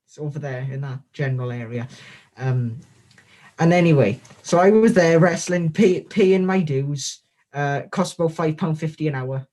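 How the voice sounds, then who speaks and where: A man, a guest on a comedic in-character interview, rambling through absurd jokes in a deadpan way. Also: a little high, normal speed.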